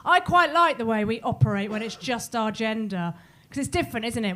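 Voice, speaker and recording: Doing bawdy crowd work at a comedy club, a middle-aged woman with a southern English accent throws in cheeky apologetic asides. The live recording carries audience laughter and slight background noise, and her high voice is expressive, brisk, and a bit bright.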